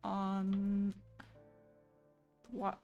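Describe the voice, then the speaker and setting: A woman's voice: mid-range voice, completely flat delivery, extremely slow, vocal fry, dark tone, muffled recording, faint music behind. Laughing, language-hopping woman streamer. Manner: laughs often, swears casually, switches between languages. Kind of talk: casual live-stream chat.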